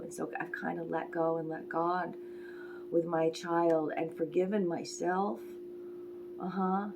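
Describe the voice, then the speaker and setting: A woman in her forties giving a rambling, emotional spiritual card reading, soft-spoken with sighs and brief whispers. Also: lowish voice, creaky, noisy background. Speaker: oracle card reader.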